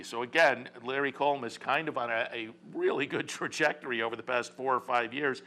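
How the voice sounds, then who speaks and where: A man hosts a horse racing radio talk show in a loose, casual way, full of fillers and restarts. His voice sounds bright and forceful. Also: medium pitch. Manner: rambling, many fillers and restarts.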